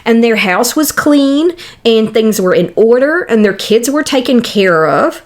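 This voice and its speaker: A young adult woman hosts a Christian podcast, speaking at a middle pitch in an earnest, conversational way. She talks like a casual teaching monologue, with everyday fillers and restarts. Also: a little mellow. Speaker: podcast host.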